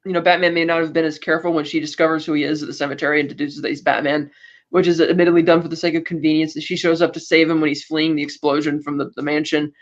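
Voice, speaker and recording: A man's voice: fairly high pitch, little pitch movement, very fast, muffled recording. A man hosting a podcast, recapping a film in casual, rambling chat full of fillers, often putting on voices for the characters. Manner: rambling, many fillers and restarts; acts out character quotes. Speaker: podcast host.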